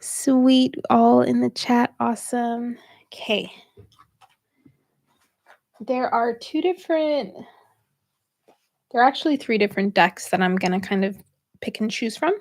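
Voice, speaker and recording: A woman's voice: a little high, unhurried, vocal fry, long pauses, a little mellow, dry recording, clean studio sound. A young woman hosting a spiritual reading livestream, chatting casually with viewers and laughing often.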